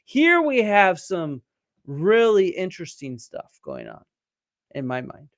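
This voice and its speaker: A man's voice: high voice, huge pitch swings, slow pace, dry recording. A man hosting a live-streamed archaeology lecture, explaining step by step, quizzing viewers and answering their comments. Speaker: archaeologist host.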